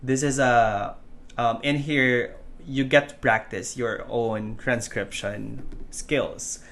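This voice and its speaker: A man's voice: medium pitch, fairly even intonation, takes it slowly, fairly bright tone. A man with a Filipino English accent, teaching an online course in a chatty, loose way with many fillers and restarts. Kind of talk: casual tutorial explanation.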